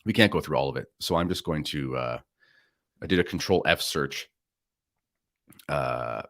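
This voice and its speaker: Male host, low-pitched, casual commentary delivery, dry close sound. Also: normal speed, fairly bright tone, no echo. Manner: casual, conversational with fillers and asides. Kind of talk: pre-recorded commentary show.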